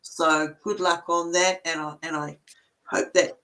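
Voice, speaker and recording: A woman's voice: deep voice, level tone, a little slow, bright, forceful tone, low-quality recording. An older woman giving a casual spiritual card reading, chatty and explaining step by step with everyday examples.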